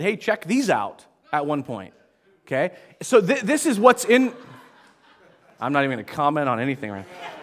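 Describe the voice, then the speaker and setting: A man in his forties with a high-pitched voice preaches a casual, conversational sermon in a church. He jokes at his own expense and keeps turning to the congregation with questions and asides. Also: a bit bright. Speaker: pastor. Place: church auditorium.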